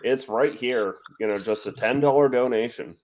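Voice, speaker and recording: A man in casual stream chat, halting and repeating words, chuckling often. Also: mid-range voice, darkish tone.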